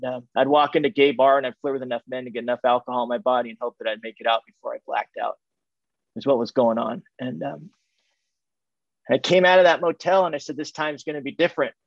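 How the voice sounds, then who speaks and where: A man's voice: mid-range voice, dry recording. A middle-aged man from California giving a candid personal testimony to a recovery group, repeating phrases and restarting his sentences. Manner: candid, repetitive, halting restarts. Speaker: speaker sharing his recovery story. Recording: dull, muffled, dry sound.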